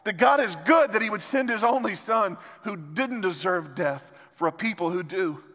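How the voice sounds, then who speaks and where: Male pastor preaching in a big church, fairly high voice, long hall reverb, passionate delivery swinging soft to loud. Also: lively intonation, moderate pace. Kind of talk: sermon. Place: large church sanctuary.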